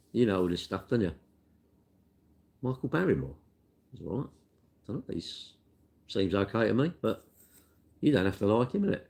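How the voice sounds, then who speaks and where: His voice is lowish, creaky and mellow as this older man, a cake shop worker, answers viewer questions. The chat is casual and rambling, with a matey, self-deprecating streak.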